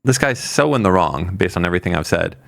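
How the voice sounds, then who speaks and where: Male co-host, animated pitch, blunt and profane, casual. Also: fast talker, creaky. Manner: blunt, swears, jokes freely. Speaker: podcast co-host. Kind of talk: casual podcast chat.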